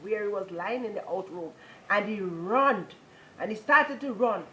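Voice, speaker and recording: A woman's voice: medium pitch, measured pace, bright, forceful tone, slight background noise, rough recording. A woman with a Jamaican accent giving a personal religious testimony, telling her story earnestly and moving into repetitive, preaching praise.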